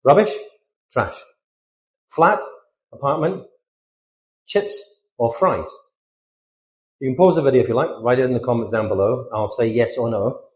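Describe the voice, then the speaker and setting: A British man teaching English, explaining word differences with lively, sing-song emphasis. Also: mid-range voice, normal speed, pauses often, roomy sound. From Britain. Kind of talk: scripted lesson to camera.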